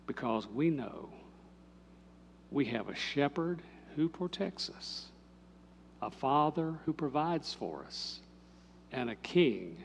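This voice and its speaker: An older man, a pastor telling a story in a sermon, moving from lively telling to hushed, intimate speech. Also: medium pitch, vocal fry, a little hiss or hum.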